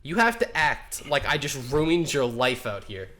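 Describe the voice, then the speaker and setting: A young man telling a school story on a casual podcast, animated and laughing as he acts out the people in it. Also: medium pitch, measured pace, slight background noise. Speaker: podcast co-host.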